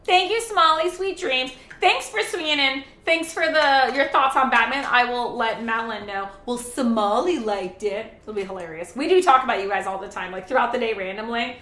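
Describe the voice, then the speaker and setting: A woman's voice: a little high, normal speed, few pauses, bright, forceful tone, reverberant. A woman hosting a casual charity live stream from her home kitchen. She chats while cooking, rambles, and greets viewers and reads their chat aloud.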